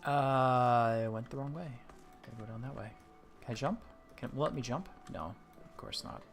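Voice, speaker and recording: A man's voice: mid-range voice, normal speed, gravelly, faint music behind. A man streaming a video game, muttering to himself as he plays. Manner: muttering to himself while playing. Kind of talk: casual gameplay commentary.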